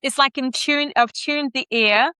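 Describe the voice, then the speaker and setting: A woman with a New Zealand accent talks as a communications coach on a podcast. Her voice sits a little high and rings bright and forceful, and she animates it by playing with pitch and speed. The close mic keeps the sound dry. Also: a little slow, no echo. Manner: animated, plays with pitch and pace to demonstrate. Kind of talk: podcast interview.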